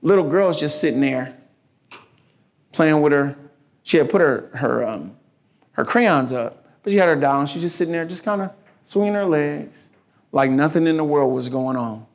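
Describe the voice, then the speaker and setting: A man's voice: on the high side, animated, moderate pace. A man giving a folksy, preacherly motivational talk with stories at a business mixer. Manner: folksy, preacherly, acts out story voices.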